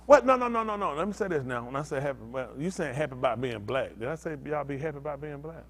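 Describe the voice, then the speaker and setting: Pastor guy preaching loose and animated, high voice all over the place, aave. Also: fast. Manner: animated, conversational, swings from loud to quiet. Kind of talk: informal preaching to a congregation.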